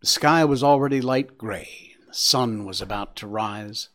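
A man reading a storybook aloud with an expressive, varied delivery. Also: lowish voice, moderate pace. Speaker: narrator.

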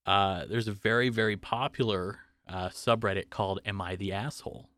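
Young male podcast co-host, low-pitched, dry close sound, jokey and self-deprecating. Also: steady tone, normal speed, a bit bright, dry recording. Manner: joking, self-deprecating, laughs often. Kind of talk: casual chat, reading posts aloud.

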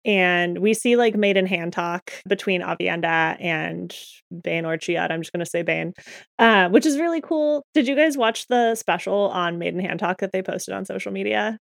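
A woman co-hosting a casual fan podcast, chatty and quick to laugh, with lots of "like". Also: on the low side, vocal fry, no echo, studio quality. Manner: chatty, laughs often, frequent "like". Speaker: podcast co-host.

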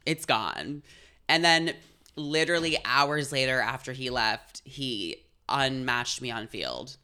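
Young woman co-host, bright tone, animated storyteller in a casual chat. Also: a bass voice, measured pace, smooth. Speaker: podcast co-host.

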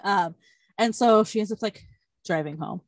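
A woman's voice: medium pitch, moderate pace, no room sound. Young woman, casual plot recap, rambly and filler-heavy, dry close sound. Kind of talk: casual chat.

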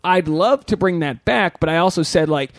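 A man in his thirties co-hosting a podcast, telling stories in casual chat and swinging his pitch when he quotes people. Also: moderate pace, no room sound, clean studio sound. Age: 30s. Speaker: podcast co-host. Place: podcast studio.

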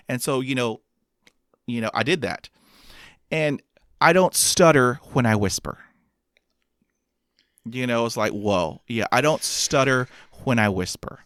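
A man's voice: medium pitch, moderate pace, long pauses, fairly bright tone, no echo, clean studio sound. A man who stutters, with blocks and repeated sounds, telling a self-mocking personal story and acting out quotes. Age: adult with a master's degree.

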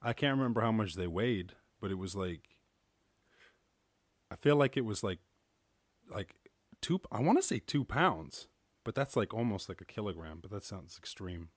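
A man's voice: on the low side, very animated, moderate pace, long pauses, no echo, studio quality. An Irish man hosting a solo podcast, telling stories in a rambling, casual way full of filler words. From Ireland. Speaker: podcast host.

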